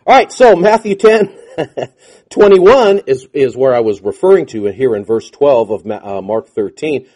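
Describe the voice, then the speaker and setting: A man's voice: medium pitch, expressive, a little slow, mellow, husky. A man teaching the Bible to a live group in a conversational, sarcastic way, with mocking asides.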